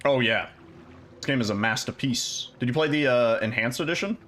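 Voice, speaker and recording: A man's voice: medium pitch, brisk. Laid-back young man chatting on stream. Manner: relaxed, chatty, rambling with restarts and swearing. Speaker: video game speedrunner streaming live. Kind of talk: casual live-stream chat with viewers.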